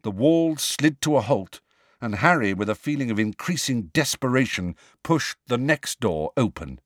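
Expressive male storybook narrator. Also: mid-range voice, moderate pace, no echo, studio quality. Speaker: audiobook narrator.

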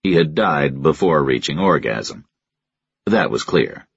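A man narrating a first-person crime story in a measured, deadpan way. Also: rumbling low, creaky, breathy edge, dry recording, muffled recording. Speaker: audiobook narrator.

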